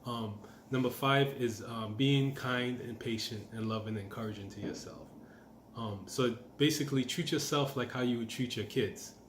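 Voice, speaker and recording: A man's voice: medium pitch, moderate pace, a little hiss or hum. Casual encouraging man in echoey room. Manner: casual, repetitive, encouraging, filler-heavy. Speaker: manifestation coach. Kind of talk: motivational self-help talk.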